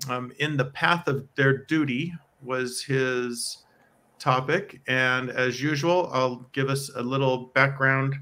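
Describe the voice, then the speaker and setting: A man's voice: medium pitch, steady tone, slow pace, pushed and bright. An American man co-hosting a casual chat about church talks, explaining things at length and laughing often, speaking from home. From United States. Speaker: podcast co-host. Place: home in Provo, Utah.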